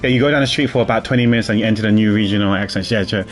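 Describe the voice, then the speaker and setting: A man's voice: lowish voice, racing, faint music behind. A man streaming a game, chatting casually in a rambling way, repeating his words and chuckling. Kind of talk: casual gameplay commentary.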